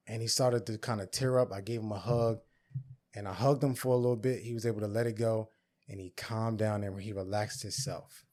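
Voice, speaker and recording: A man's voice: lowish voice, fairly even intonation, brisk, darkish tone. A man hosting a podcast, telling a personal story in an earnest, reflective way and acting out both sides of a conversation. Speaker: podcast host.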